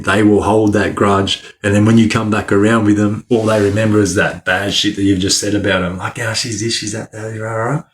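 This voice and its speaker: A young Australian man chatting casually on a live stream, laughing often and talking in heavy slang. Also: fairly low pitch. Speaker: livestreamer.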